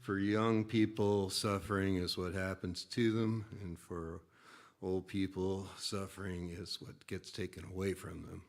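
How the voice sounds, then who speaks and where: A man from Long Island, a singer-songwriter at an open mic, giving soft, halting stage patter between songs with many ums. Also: deep voice, flat delivery. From Long Island, New York. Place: small performance room. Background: guitar playing.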